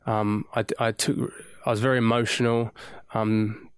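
Earnest, halting man in casual chat. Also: lowish voice, level tone, clean tone, no echo, studio quality. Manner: earnest, halting, many restarts, swears casually. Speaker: podcast co-host.

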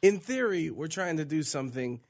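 A man's voice: fairly high pitch, very animated, normal speed. Guy co-hosting sports radio, jokey, rambly, lots of ums, studio mic. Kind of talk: casual sports talk radio.

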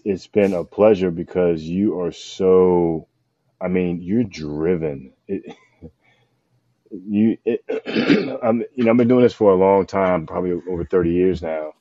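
A man hosting an interview, a longtime fitness trainer, speaking supportively with halting restarts. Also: low voice, warm tone, dry recording, dull audio. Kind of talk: conversational interview.

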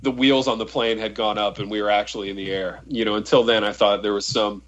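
A man co-hosting a casual podcast chat, telling a long travel story in a relaxed, rambling way with lots of fillers. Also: fairly low pitch, fast talker, muffled recording. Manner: laid-back, rambling anecdote telling with fillers. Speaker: podcast co-host.

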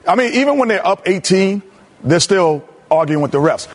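Husky guy doing basketball halftime analysis, laid back. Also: high-pitched, animated, moderate pace. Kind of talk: halftime commentary clip.

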